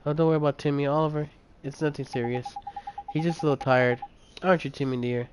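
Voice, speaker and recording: A man's voice: on the high side, steady tone, quick pace, noisy background, natural voice. A man voicing a doting older woman in a game, cooing and motherly over her cat.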